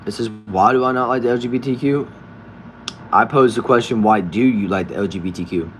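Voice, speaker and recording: A man casually hosting a live stream from a backyard shed, reading viewers' comments aloud and answering them in a relaxed way. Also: mid-range voice, a little fast, a little hiss or hum. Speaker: livestream host reading chat.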